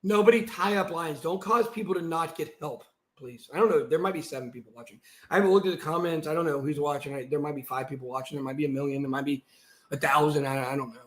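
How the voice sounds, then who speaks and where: A man on a live stream, reading a document aloud and breaking into heated, shouted asides. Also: fairly high pitch, quick pace, echoey room. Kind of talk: livestream monologue reading out a document.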